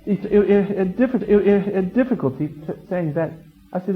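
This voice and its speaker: A man's voice: high-pitched, normal speed, background noise. A man from England giving a live seminar lecture in a hotel function room, rambling and teasing with many restarts and chuckles, on a dull lo-fi tape recording. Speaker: seminar speaker.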